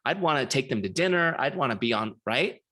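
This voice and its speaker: A man's voice: mid-range voice, expressive, brisk, pushed and bright. A middle-aged man giving a casual live training, telling a story and often checking in with his listeners. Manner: casual, chatty, frequent "like" and rhetorical checks.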